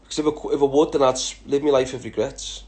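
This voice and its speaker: Liverpool man in his thirties, mid-pitched voice, blunt and sweary, quick to laugh, casual Q&A vlogger. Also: fairly even intonation, darkish tone. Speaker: vlogger answering follower questions. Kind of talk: casual Q&A chat.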